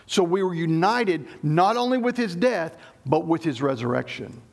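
A middle-aged man delivering a sermon in a notably high voice. His tone has a gravelly, creaky edge, and he teaches emphatically, stopping to restart phrases as he explains. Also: animated, moderate pace. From Southern United States. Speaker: pastor.

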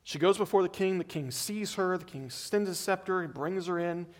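A man's voice: high voice, fairly quick. A male pastor preaching a sermon, retelling a story in a conversational way and acting out the characters' voices.

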